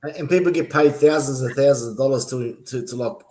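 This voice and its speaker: A man co-hosting a casual sports podcast, halting and searching for words. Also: mid-range voice, mellow. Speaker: podcast co-host.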